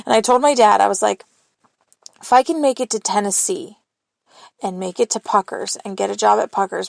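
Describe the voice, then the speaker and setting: A woman's voice: medium pitch, vocal fry, no echo. A young woman hosting a solo podcast, rambling candidly into her phone and swearing casually. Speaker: podcast host. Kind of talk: solo confessional monologue.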